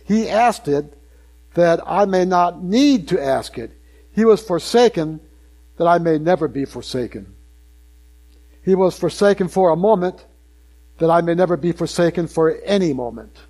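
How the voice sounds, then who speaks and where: A man's voice: a little high, lively intonation, normal speed, darkish tone. An older man preaching a sermon to a congregation in a conversational way, repeating phrases and asking the listeners questions.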